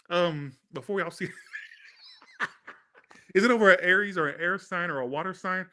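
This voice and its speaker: Guy doing a tarot livestream, bright kinda high voice, super casual, cusses a lot. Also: normal speed, pauses often. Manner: casual and chatty, thanking viewers, swearing, turns emotional and tearful. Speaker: tarot reader. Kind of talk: live-stream tarot reading.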